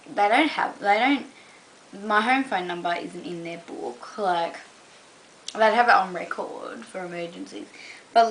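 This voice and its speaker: Bright chatty young Australian woman. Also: mid-range voice, rough recording. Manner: rambling, full of "um" and "like". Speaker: vlogger. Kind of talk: casual chat to camera.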